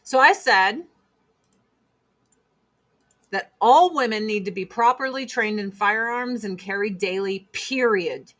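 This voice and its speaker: A woman's voice: medium pitch, slow, long pauses, a bit bright. A woman hosting a casual monologue chat, blunt and emphatic, repeating her points for force. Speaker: host.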